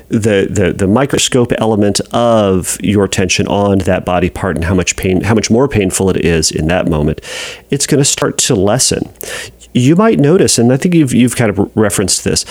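A man with a fairly low but very animated voice, audibly congested and nasal. He explains advice to a listener in a thoughtful, meandering way, often repeating words as he restarts. The sound is dry and close, with no room around it. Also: no room sound. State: congested, nasal from sinus trouble. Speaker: podcast host and therapist. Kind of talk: advice podcast, answering a listener.

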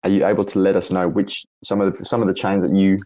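A man with an Australian accent and a raspy voice, hosting a casual audio chat and asking long, rambling questions with lots of fillers. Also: sits low, level tone, fast, dark tone, muffled recording. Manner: rambling, self-correcting questions with frequent fillers. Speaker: host. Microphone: online audio chat room.

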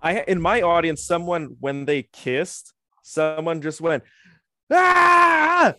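A man co-hosting a podcast in casual chat, lively and critical. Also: on the high side, unhurried, a little hiss or hum. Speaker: podcast co-host.

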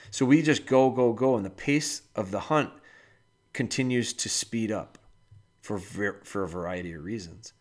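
A man's voice: lowish voice, lively intonation, fairly quick, a bit bright. A man hosting a podcast, casually giving a listener dog-training advice with homely analogies and speaking to her directly.

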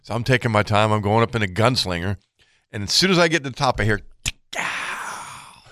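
A man with a fairly low voice tells a rambling hunting story on a talk show. He acts out the back-and-forth of the people in it as he goes. The sound is close and dry, with no room echo. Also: fast talker. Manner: animated storyteller, acts out quoted exchanges. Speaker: fishing show co-host. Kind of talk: casual storytelling.

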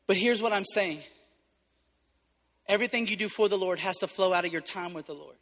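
A man preaching a sermon, emotional and close to tears, moving from loud appeals to soft, gentle asides. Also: sits high, fairly quick, big-room sound. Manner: emotional, swinging from loud exhortation to soft intimacy. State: tearful.

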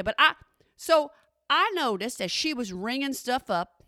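A woman radio host telling a comedic story from her studio, animated and talking straight to her listeners. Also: high-pitched, measured pace, dry recording. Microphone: studio microphone.

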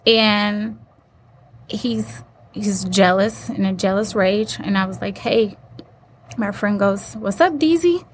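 A woman's voice: mid-range voice, slow. A woman guest telling a personal story in an interview, earnest and acting out the voices she quotes. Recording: faint background noise.

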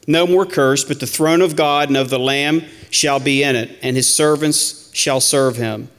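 A man's voice: fairly high pitch, fairly bright tone, in a large hall. A man teaching a Bible study in sermon style, reading scripture aloud and repeating key lines to the church.

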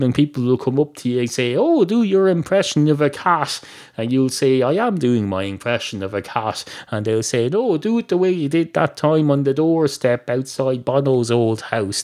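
A man's voice: medium pitch, darkish tone, voice pushed up, lightly acted. An Irish man voicing a blunt older woman, a brothel madam who lectures and rambles through long directions.

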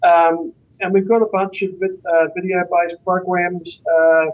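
Here a guest author who writes on out-of-body experiences tells a lengthy story on a podcast, earnest and wandering. His high-pitched male voice barely moves in pitch and stays unhurried. The sound is dull and lo-fi.

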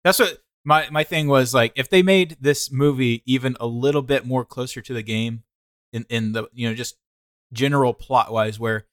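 Animated man venting in casual chat. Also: medium pitch, normal speed, clean tone, no echo, studio quality. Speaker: podcast co-host. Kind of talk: casual film discussion.

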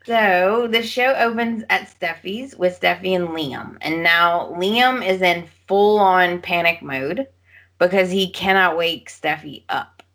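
A woman with a lowish, bright and forceful voice hosts a chatty podcast. She recaps soap opera plots in a casual storyteller way and slips into the characters' lines as she goes. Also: slow. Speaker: podcast host.

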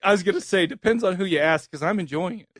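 A man's voice: sits high, quick pace, a bit bright, no echo. A man co-hosting a podcast in casual chat, laughing often and teasing his co-host.

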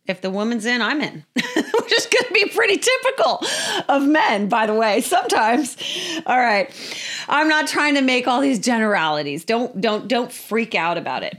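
Lady with a higher voice chatting through a bible lesson, animated and repeating herself. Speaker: Bible teacher. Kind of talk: casual Bible teaching talk.

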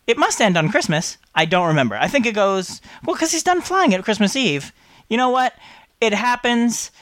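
Chatty podcast host man, lively pitch. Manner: chatty and upbeat, with asides. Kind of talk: casual chat reading listener mail.

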